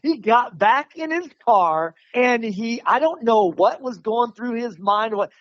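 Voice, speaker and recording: A man telling a story in a casual, animated way, often laughing and restarting his sentences. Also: very high voice, a little slow, dry recording, lo-fi sound. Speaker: martial arts instructor, podcast guest.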